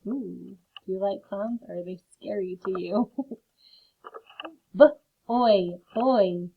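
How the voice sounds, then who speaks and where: A woman teaching a phonics lesson to children, slowly sounding out word parts. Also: medium pitch, slight background noise. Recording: phone-like narrow sound.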